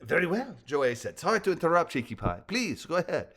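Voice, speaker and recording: A man's voice: fairly high pitch, big pitch swings, a little fast, a bit bright, husky, pitched above the performer's own voice, full character voice. A man voicing a stiff, polite young male assistant in a storybook reading. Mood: formal. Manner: stiff and formal.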